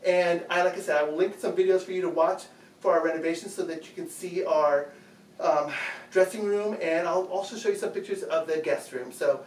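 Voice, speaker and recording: A man's voice: a little high, a little fast, a little mellow. A man hosting a home video, giving a casual, patient how-to demonstration in a bedroom and repeating his steps as he goes. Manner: chatty, patient, repeats phrases. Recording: echoey room, distant mic.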